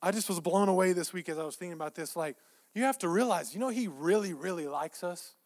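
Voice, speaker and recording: A male pastor preaching a sermon, emphatic and repeating his phrases, swinging between soft asides and loud peaks. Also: high-pitched, fast talker.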